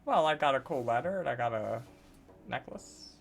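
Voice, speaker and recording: Gravelly, animated player at a tabletop game. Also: medium pitch, moderate pace. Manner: playful, laughs. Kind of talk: chatting in character at a tabletop game.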